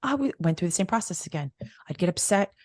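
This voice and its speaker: Middle-aged woman as a podcast guest, a rapid, lower-pitched storyteller who acts out dialogue, in a dry, close sound. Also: lively intonation, darkish tone, no room sound. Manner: acts out quoted dialogue, emphatic and repetitive. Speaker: podcast guest, wealth mentor. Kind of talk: animated personal storytelling.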